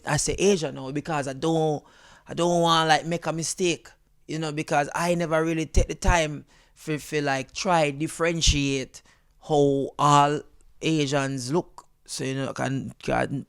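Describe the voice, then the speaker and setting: A Jamaican comedian telling a story in an interview, lively and jumping into high voices for the people he quotes. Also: smooth, no echo. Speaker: comedian guest. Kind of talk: animated storytelling.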